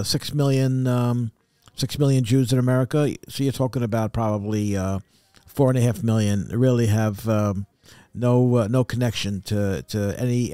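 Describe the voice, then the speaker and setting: A man co-hosting a casual podcast chat, speaking thoughtfully and haltingly, pausing often to search for words. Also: mid-range voice, mellow, dry recording, clean studio sound. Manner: thoughtful, halting, many uh fillers.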